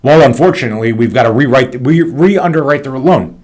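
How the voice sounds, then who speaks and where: A business owner hosting a podcast, telling a heated story in a casual, animated way, swearing often. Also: male voice, medium pitch, a little fast, hardly any pauses.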